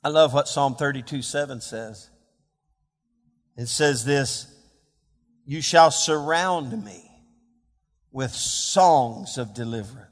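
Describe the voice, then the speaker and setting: A man preaching a sermon as pastor, dropping to hushed murmurs and rising to loud, fervent shouts of scripture. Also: mid-range voice, takes it slowly, long pauses. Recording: long reverb of a large hall.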